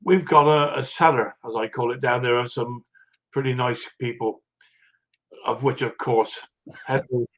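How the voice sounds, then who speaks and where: A man's voice: medium pitch, fairly even intonation, unhurried, highs cut off. Chuckling older man hosting a stream. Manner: rambling, chuckly and self-mocking. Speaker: livestream host. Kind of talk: casual chat greeting viewers.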